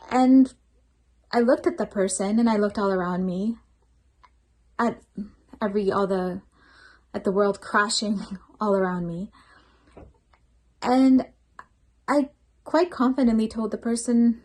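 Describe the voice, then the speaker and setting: A woman's voice: mid-range voice, unhurried, long pauses, a little mellow. A woman shares a personal testimony at a devotional program. She speaks earnestly and reflectively, as a healthcare worker who works night shifts.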